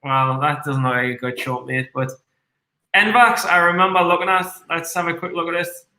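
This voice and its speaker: Male streamer, tipsy, sweary and excitable, bright pointed tone, echoey room, mid-high voice. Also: moderate pace. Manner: swears constantly, excitable, reads chat aloud. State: tipsy from red wine. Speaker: day trader streaming live. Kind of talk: live trading commentary.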